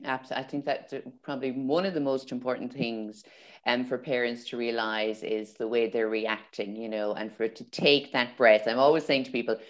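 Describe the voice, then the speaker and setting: Middle-aged woman host, extremely low voice, chatty and earnest, quick to laugh. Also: steady tone. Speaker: podcast host. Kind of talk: casual conversation.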